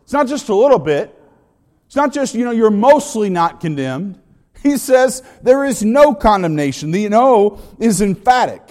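A pastor with a high-pitched voice delivers a sermon, pressing each point by repeating a phrase again and again. His words ring out with a long reverb, as if recorded in a large church hall. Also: big pitch swings, moderate pace, a little mellow. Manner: emphatic, builds through repeated phrases.

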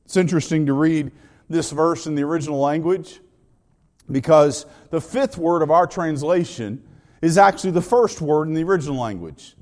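A man's voice: on the high side, normal speed, darkish tone, big-room sound. A man preaching a sermon as pastor, emphatic and building his points through repeated phrases.

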